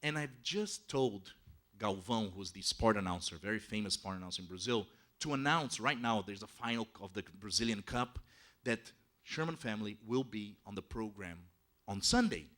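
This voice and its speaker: Animated male storyteller. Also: lowish voice, moderate pace. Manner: animated, conversational, frequent "you know" fillers. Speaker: speaker telling a travel story. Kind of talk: storytelling talk to an audience.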